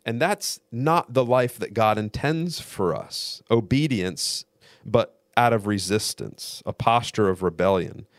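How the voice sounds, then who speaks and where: A man guest-hosting a radio show, giving an earnest, measured theological teaching talk that builds through repetition. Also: lowish voice, dry recording, clean studio sound.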